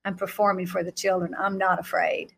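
A woman's voice: a little high, normal speed, close to an everyday voice. A woman acting out a playful man who hams it up for a crowd of children, pretending to worry. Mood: confident. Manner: mock-worried, hamming it up.

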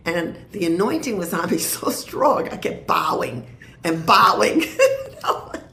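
A woman's voice: fairly low pitch, expressive, measured pace, gravelly. Earnest woman in an echoey room. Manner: earnest, warm, laughs easily. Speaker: prophetic minister. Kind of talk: sharing a prophetic word.

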